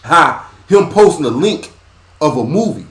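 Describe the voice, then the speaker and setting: A man's voice: very animated, measured pace. Sermon-like man in an echoey room. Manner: sermon-like, swings from low and quiet to loud and high; repetitive, rhythmic phrasing. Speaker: podcast host. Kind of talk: preachy sports commentary monologue.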